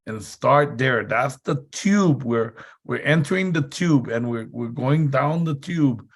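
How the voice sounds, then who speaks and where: A man's voice: mid-range voice, lively intonation, takes it slowly. A man giving a motivational seminar talk, telling chatty anecdotes and laughing often. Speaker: seminar speaker.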